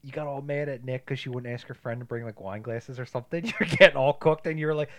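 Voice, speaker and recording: A man co-hosting a casual movie podcast, rambling through plot recaps and acting out characters in quick quoted voices. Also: medium pitch. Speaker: podcast co-host.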